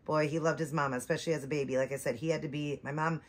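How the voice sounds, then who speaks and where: A woman's voice: sits low, fairly even intonation, very fast. A woman in her forties chatting to viewers, telling a long rambling story. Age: 40s. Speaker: reborn doll vlogger. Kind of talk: casual chat to viewers.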